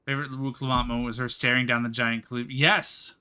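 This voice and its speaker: A man's voice: mid-range voice, little pitch movement, a little fast, bright, forceful tone, smooth. Chatty American man with a slight twang. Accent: American with a slight rural twang. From United States. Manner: rambling, chatty, full of "like". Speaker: streamer. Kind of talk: casual gaming commentary.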